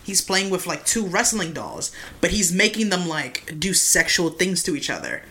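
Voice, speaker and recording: A woman's voice: on the low side, animated, normal speed, sharp tone. A young woman co-hosting a podcast, retelling a true-crime case in a loose, profane chat full of "like" and "mind you". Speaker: podcast co-host.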